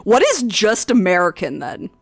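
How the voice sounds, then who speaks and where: A woman's voice: mid-range voice, wildly swooping pitch, moderate pace, gravelly, dry recording, soft background music. Chatty young woman, dry close mic. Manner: chatty, frequent ums and likes, laughs often. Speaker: streamer and host. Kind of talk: casual chat reading and reacting to forum posts.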